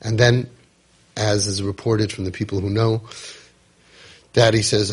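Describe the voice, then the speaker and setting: Husky emphatic man telling a story. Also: lowish voice, steady tone, moderate pace, pauses often. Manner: emphatic, repetitive, dramatic retelling. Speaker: parenting coach. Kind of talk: podcast storytelling talk.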